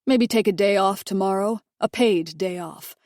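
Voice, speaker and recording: A woman's voice: medium pitch, normal speed, a little mellow, dry recording, close to an everyday voice. A commanding husband in a thriller audiobook, holding back tension with clipped authority, as a woman narrator voices him. The sound is dry and close. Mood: tense. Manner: tense, commanding. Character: stern husband, a wealthy man caught between wife and mother.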